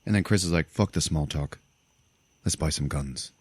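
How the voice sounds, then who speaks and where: A man hosting a podcast, retelling a film scene by scene in a casual, animated way, swearing and laughing often. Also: extremely low pitch, moderate pace, slightly rough, dry recording. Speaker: podcast host. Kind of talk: casual movie recap chat.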